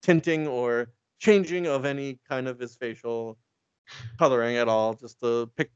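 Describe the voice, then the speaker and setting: A man in a casual, joking chat, rambling through a comic's plot and acting out the characters' lines in quick impressions. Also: mid-range voice, fairly even intonation, smooth, no echo, dull audio. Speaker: podcast co-host recapping a comic. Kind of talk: casual comedic recap.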